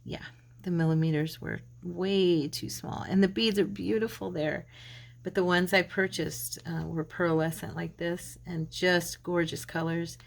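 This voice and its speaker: A woman's voice: fairly low pitch, steady tone, a little slow, vocal fry, slight background noise. A middle-aged woman hosting a craft channel, chatting casually and talking to herself as she works, living in Arizona. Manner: chatty, talks to herself while working. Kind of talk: casual crafting tutorial chat.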